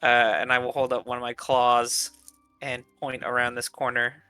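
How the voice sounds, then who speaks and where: Bright, smooth-voiced man playing a tabletop game. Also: medium pitch, normal speed, no room sound, faint music behind. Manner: relaxed, describes his character's moves. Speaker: player. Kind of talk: casual tabletop game chat.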